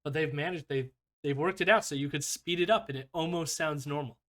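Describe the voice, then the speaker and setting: A man's voice: fairly high pitch, a little fast, a bit bright. Rambling chatty male podcast host. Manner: loose, rambling, peppered with "like" and laughs. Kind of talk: casual chat.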